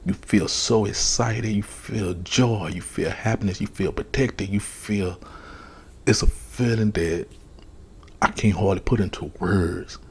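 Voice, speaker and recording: Breathy low-voiced man telling a testimony. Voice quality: very breathy, soft voice. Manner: slow, hushed, earnest retelling. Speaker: storyteller. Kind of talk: ASMR testimony.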